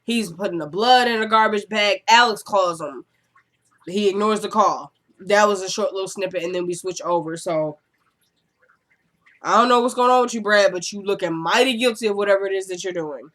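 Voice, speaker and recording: A woman's voice: medium pitch, fairly bright tone. Chatty woman recapping a TV episode. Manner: chatty, acts out the characters' lines in quick quotes; exasperated asides.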